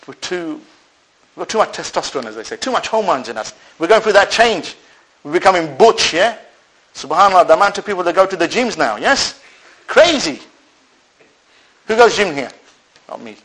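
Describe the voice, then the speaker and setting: A husky, high-pitched male voice delivers a sermon at normal speed with long pauses, recorded in low quality. The Islamic preacher addresses a live audience, answering rhetorical questions he poses himself, weaving in Arabic religious phrases, his animated delivery swinging loud and soft.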